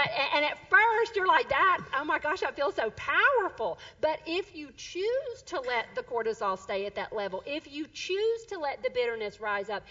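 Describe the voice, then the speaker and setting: A middle-aged woman delivers a sermon in a high, bright voice, carrying a story with animated energy and ready laughter. The audio sounds dull and lo-fi.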